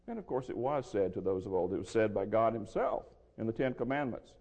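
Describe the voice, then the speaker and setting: A man teaching through a Bible passage verse by verse, measured and explanatory, with a dry throat he soothes with water. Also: mid-range voice, lively intonation, darkish tone. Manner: measured, explanatory, restarts phrases. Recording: lo-fi with long hall reverb.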